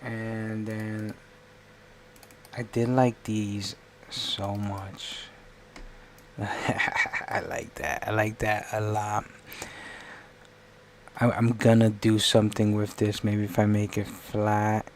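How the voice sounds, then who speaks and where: A man with a low, flat voice talks casually through a live stream as he works on a design. He rambles and corrects himself as he thinks aloud. A faint hum of room noise sits under his voice. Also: slow, long pauses.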